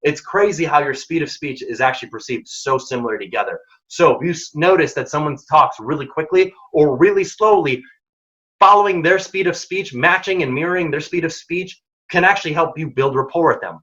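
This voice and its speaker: A man presents a career-skills workshop in a direct, energetic way and breaks into quick acted dialogue. His voice is bright and forceful, pitched a little high. The audio sounds dull and lo-fi. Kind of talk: career advice talk.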